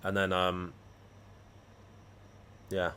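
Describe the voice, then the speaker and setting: A man's voice: low-pitched, monotone, drawn-out words, bright, forceful tone, a little hiss or hum. A man chatting casually on a livestream, rambling and swearing freely as he talks to his viewers. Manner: rambling, profane banter. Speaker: live trading streamer.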